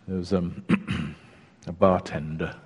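A preacher talks through a sermon in a relaxed, chatty way, pausing and restarting as he goes. His voice sits low and slightly husky. The sound carries a long reverb from the church hall. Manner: chatty, unhurried storytelling with hesitations. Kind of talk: sermon with a joke.

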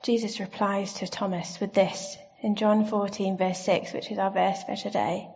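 A woman giving a sermon in a church, gentle and reflective, asking her listeners questions. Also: mid-range voice, little pitch movement, normal speed, a little hiss or hum. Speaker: preacher. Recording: slightly dull lo-fi sound.

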